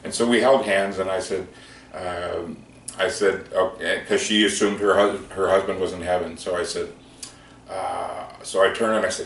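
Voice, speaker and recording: A man telling a heartfelt story in a gentle, conversational way with many fillers. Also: deep voice, steady tone, fairly quick. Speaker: speaker recounting prayer sessions. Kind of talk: storytelling talk. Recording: echoey room, distant mic, faint noise.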